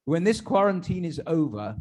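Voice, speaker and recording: A man's voice: a little high, sing-song, moderate pace, darkish tone. A man telling a string of jokes to his congregation as a rabbi, with chatty, self-deprecating asides between punchlines. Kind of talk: stand-up joke telling to a congregation.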